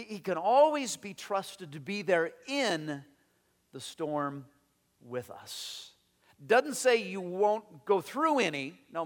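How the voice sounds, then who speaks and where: Male pastor, high voice, lively sermon delivery with acted-out quotes, hall reverb. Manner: animated, acts out voices in quotes, repeats words.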